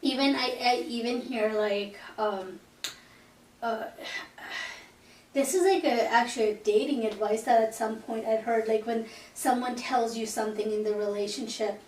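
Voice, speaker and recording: A woman hosts a casual podcast conversation, speaking earnestly and reflectively in a fairly high, slightly slow voice with a darkish tone. There's slight background noise, and the recording sounds echoey, with a distant mic.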